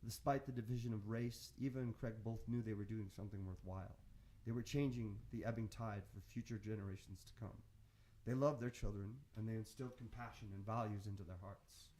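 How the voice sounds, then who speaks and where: A man on a radio show reading the end of a story in a slow, reflective, spiritual tone. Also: lowish voice, fairly even intonation, mellow. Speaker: radio host finishing the story. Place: radio studio.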